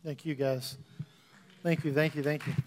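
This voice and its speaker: Pastor, mid-high voice, conversational sermon and fervent prayer. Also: male voice, little pitch movement, moderate pace, a faint crowd, a little hiss or hum. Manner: conversational, storytelling preacher, rising into fervent prayer. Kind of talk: church sermon and offering prayer. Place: church sanctuary before a congregation.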